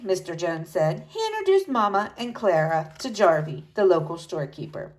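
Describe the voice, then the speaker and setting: A woman narrating a storybook aloud in an expressive, dramatic way. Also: lowish voice, normal speed, few pauses.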